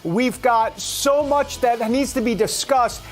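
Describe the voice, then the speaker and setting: A man's voice: extremely high pitch, slow. A man hosting a talk show, giving sarcastic, incredulous commentary. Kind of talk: opinion commentary.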